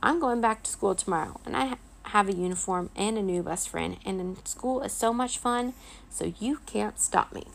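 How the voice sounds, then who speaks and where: A woman's voice: mid-range voice, moderate pace, vocal fry, slight background noise, natural voice, rough recording. A woman voicing Vlad, an anxious but earnest young boy vampire in a storybook read-aloud, speaking eagerly. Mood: determined.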